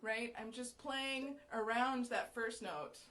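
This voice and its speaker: A woman from the USA giving a relaxed, explanatory fiddle lesson, often checking in with "right?", with violin playing between phrases. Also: a little high, takes it slowly, loud music behind the voice. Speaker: violin teacher. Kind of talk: casual music lesson with fiddle demonstrations.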